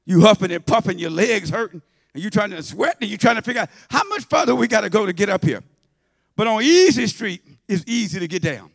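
A man preaching a sermon in church, folksy and conversational, swinging from shouts to low asides. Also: no room sound, studio quality. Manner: shouting and half-singing at high points, then dropping to low asides; conversational, folksy, with repetitions and laughter.

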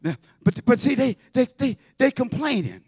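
A man preaching a sermon in church, folksy and conversational, swinging from shouts to low asides. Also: sing-song, normal speed, slightly rough, no echo, clean studio sound. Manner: shouting and half-singing at high points, then dropping to low asides; conversational, folksy, with repetitions and laughter.

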